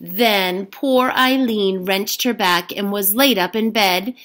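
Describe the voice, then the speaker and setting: A woman's voice: medium pitch, takes it slowly, fairly bright tone. A woman reading a storybook aloud as a teacher, giving the characters their own voices.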